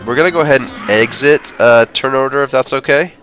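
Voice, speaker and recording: A man's voice: medium pitch, brisk, fairly bright tone, soft background music. A man running a tabletop game as dungeon master, narrating casually with frequent laughs and fillers. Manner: chatty, laughs often, many fillers.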